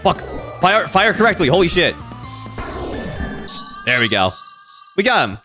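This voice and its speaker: Animated, swearing male streamer. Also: fairly high pitch, unhurried, over music. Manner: laughing, profane, animated. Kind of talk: casual gameplay commentary.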